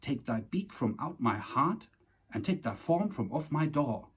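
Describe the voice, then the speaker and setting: A man's voice: mid-range voice, sing-song, unhurried, a bit bright, breathy edge. A man reciting a long poem from memory in a dramatic, declamatory way. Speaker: poetry reciter.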